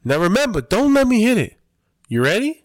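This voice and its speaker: A man putting on the voice of a male martial artist coaching a fighter, goading and excited in a raised voice. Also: high voice, brisk, dry recording, studio quality, voice pushed up.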